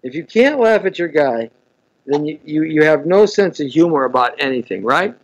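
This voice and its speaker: Guy hosting a live stream, kinda high voice, rambly and repeats himself, dull lo-fi audio. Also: lively intonation, moderate pace. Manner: chatty, repeats words, greets viewers. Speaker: host. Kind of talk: casual live-stream chat.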